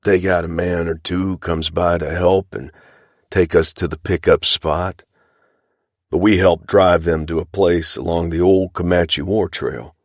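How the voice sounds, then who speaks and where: A sullen, cruel middle-aged rustler as a man reading an audiobook puts him on, talking in a rough frontier drawl with a very low, heavy voice. He sounds close and dry, with no room around him. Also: fairly even intonation, measured pace, no room sound. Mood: evasive.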